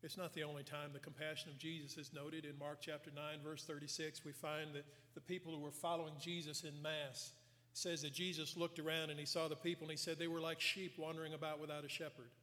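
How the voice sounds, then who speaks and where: An earnest man preaching in a church sanctuary, his slightly high voice carrying a long hall reverb. He retells scripture with voiced quotes and drops soft for emphasis. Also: flat delivery, fast. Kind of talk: sermon.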